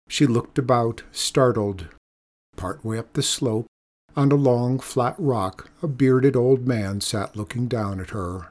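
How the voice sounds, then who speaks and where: A man narrating a children's story in a measured, expressive reading. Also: fairly low pitch.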